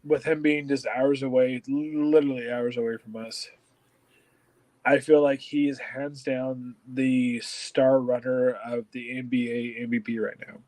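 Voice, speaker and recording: Man co-hosting sports talk, flat dry delivery. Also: medium pitch, a little slow, dry recording, rough recording. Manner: excitable, stumbling restarts, repeats words. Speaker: podcast co-host.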